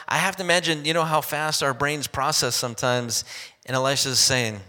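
Bright-voiced animated male preacher. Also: mid-range voice, a little fast. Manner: animated storytelling with acted-out quotes. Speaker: pastor. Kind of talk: sermon. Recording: long hall reverb.

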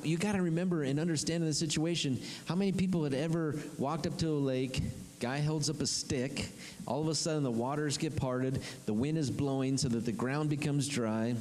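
A man's voice: a little high, darkish tone. Man preaching in a reverberant hall. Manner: emphatic, repetitive preaching with dramatic pauses and drops to a whisper. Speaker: pastor. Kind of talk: sermon.

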